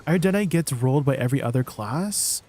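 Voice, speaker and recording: Young guy streamer, relaxed warm tone, keeps going "what do you mean" at chat. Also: medium pitch, fast talker, slight background noise. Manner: incredulous, teasing replies to chat. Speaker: game streamer. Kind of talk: live stream chat with viewers.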